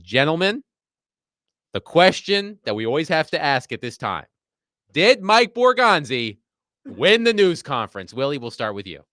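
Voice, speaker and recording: A man hosting a sports radio talk show from a studio, briskly leading the discussion and passing questions to his co-hosts. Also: mid-range voice, a bit bright, no echo. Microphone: studio microphone with headphones.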